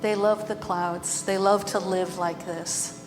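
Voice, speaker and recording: A woman's voice: medium pitch, fairly even intonation, slow pace, lightly acted. A woman telling of a pipe-smoking old man on a mountain. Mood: assured. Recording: live with long reverb and background music.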